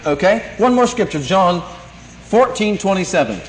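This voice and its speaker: A man's voice: high voice, big pitch swings, moderate pace, a little hiss or hum. A man preaching a sermon, quoting scripture and repeating key lines with emphasis. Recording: echoey room, 1982 tape.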